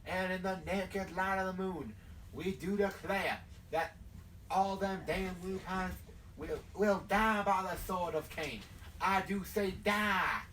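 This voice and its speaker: A man's voice: sits high, slow, fairly bright tone. A man voicing a zealous male vampire preacher with a Southern accent, preaching hellfire and brimstone, recorded from a distant mic. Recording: distant mic, faint noise.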